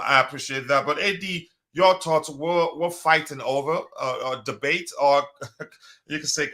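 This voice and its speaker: A man's voice: on the high side, sharp tone. A man hosting a casual live stream, talking loosely with many fillers and restarts. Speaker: podcast host.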